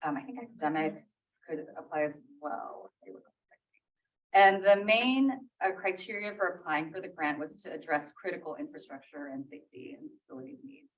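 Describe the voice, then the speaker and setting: Animated and lowish in pitch, this library staffer talks at a normal pace while casually updating a public meeting. She keeps fixing her own wording and laughs away mistakes, all captured in dull, faraway lo-fi sound from the meeting room.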